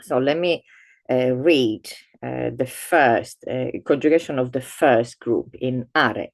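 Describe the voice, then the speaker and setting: A woman's voice: extremely low pitch, slow, no echo. A woman teaching an online grammar lesson, patiently walking through a table and reading verb forms out carefully. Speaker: language teacher.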